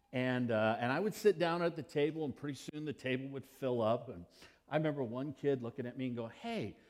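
A middle-aged man preaching a sermon as pastor, telling stories and acting out children's questions in lively quoted voices. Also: mid-range voice. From United States.

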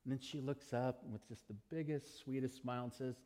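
A middle-aged man preaching a sermon as pastor, telling stories and acting out children's questions in lively quoted voices. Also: medium pitch, a little fast. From United States.

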